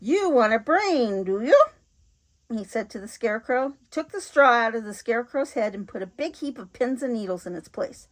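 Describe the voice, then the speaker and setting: A woman reading a children's storybook aloud in a clear, expressive way. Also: a little high, brisk, few pauses.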